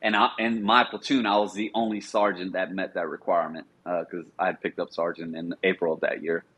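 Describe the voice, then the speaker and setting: A middle-aged man, a former Marine, telling relaxed stories as a podcast guest and acting out quoted dialogue. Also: low-pitched, a little fast, slightly rough, dull audio. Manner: relaxed anecdotal, often acts out quoted dialogue. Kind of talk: casual storytelling.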